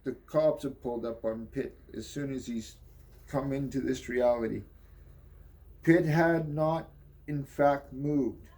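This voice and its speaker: A man's voice: mid-range voice, a little mellow. A man reading a comic book aloud in a casual, offhand way, ad-libbing and swearing between panels. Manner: slow, offhand, swears and ad-libs.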